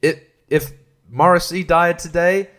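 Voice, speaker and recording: Man, solo podcast host, profane and irreverent rant, slightly higher voice. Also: fairly even intonation, unhurried, a bit bright. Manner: profane, irreverent, laughs mid-sentence.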